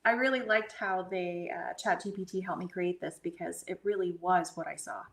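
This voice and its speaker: A middle-aged woman telling a personal spiritual experience in an earnest way, sometimes sinking to a hushed whisper. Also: on the low side, steady tone, normal speed. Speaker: guest medium and energy healer. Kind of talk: conversational storytelling.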